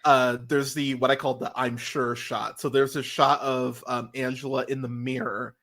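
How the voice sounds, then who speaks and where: A man hosting a casual review podcast, talking animatedly and swearing, his voice jumping up high when he gets worked up. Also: little pitch movement, moderate pace, a bit bright. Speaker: podcast host.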